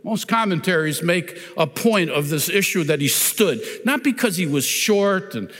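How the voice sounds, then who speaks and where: A pastor preaching a sermon in a church, deliberate and emphatic, often pointing listeners to the text with "notice". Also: male voice, sits high, lively intonation, a bit bright. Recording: long reverb of a large hall.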